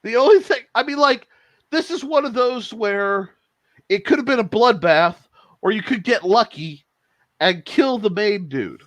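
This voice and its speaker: A man running a tabletop game as game master, animated and laughing as he narrates. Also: sits high, no echo. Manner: animated, laughing, jumps between narration and quick voices.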